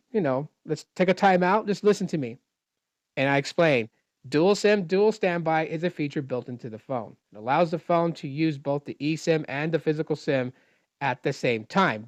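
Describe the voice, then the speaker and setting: A man's voice: fairly high pitch, no room sound. A man telling a frustrated storytime rant about a customer service call, retelling the dialogue and explaining technical details at length. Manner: exasperated, retells dialogue in his own voice. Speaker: dissatisfied phone customer recounting a call. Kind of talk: casual ranting storytime.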